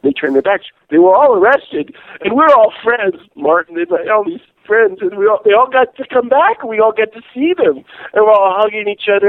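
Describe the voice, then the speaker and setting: A man telling a lively story in a casual interview, laughing as he goes. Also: very high voice, no room sound. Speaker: guest, peace activist and priest. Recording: tinny phone-like line.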